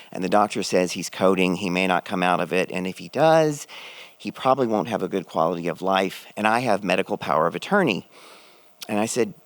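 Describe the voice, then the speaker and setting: A middle-aged man telling a personal story on stage, expressive and shooting his voice up when excited. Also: low voice, no room sound. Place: stage at a live event.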